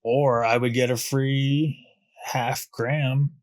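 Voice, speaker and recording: A man's voice: mid-range voice, little pitch movement, slow pace, dry recording. A young man, hosting a podcast and telling his own story in a casual, profane way, full of fillers and restarts. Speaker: podcast host. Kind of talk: candid personal storytelling.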